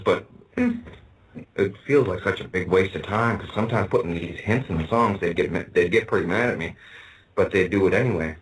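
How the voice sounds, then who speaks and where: Man, low voice, distant from the mic, meandering interview talk, fillers. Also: a little hiss or hum.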